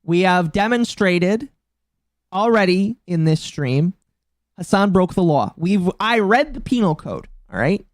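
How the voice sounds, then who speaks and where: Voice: medium pitch, lively intonation, measured pace, dry recording, studio quality. A streamer in their mid-twenties giving casual live-stream commentary, talking bluntly and profanely with a mocking tone that climbs into indignant outbursts. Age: mid-20s.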